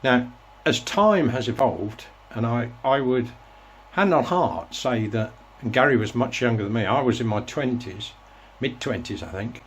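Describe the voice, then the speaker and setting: With a little hiss or hum on the recording, a man in his sixties who hosts his own show wanders through memories, frequently starting over. He speaks a little slowly in an animated, mid-range voice, rambling and reflective.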